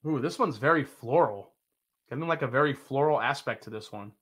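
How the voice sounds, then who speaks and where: A man's voice: mid-range voice, a little fast, a bit bright, slightly rough. A man hosting a live whiskey-tasting stream, joking, swearing and reading out viewer comments. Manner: jokey and profane, reading chat comments aloud. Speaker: show host.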